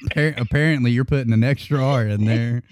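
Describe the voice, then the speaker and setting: A man co-hosts a podcast, telling stories animatedly and laughing often in a casual, joking chat. His mid-range voice has a darkish tone and a fast pace. The recording is dry and studio-clean.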